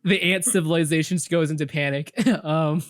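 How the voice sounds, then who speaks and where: A man's voice: a little high, fairly even intonation, a little fast, no echo, clean studio sound. A young man guest telling a made-up story in casual chat, rambling with lots of fillers. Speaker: podcast guest.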